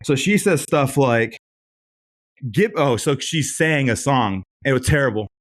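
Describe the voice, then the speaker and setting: A man's voice: mid-range voice, normal speed. Profane man telling stories casually. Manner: profane, animated anecdotes. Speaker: podcast host. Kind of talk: casual storytelling.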